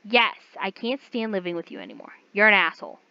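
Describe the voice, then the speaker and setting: A woman reads aloud as a frightened young woman who defies her captor and shouts back at him. The sound is dry and dull, like a low-fi home recording. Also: big pitch swings, quick pace, vocal fry, clean tone, no room sound. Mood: defiant. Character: frightened, defiant young woman, the story's heroine.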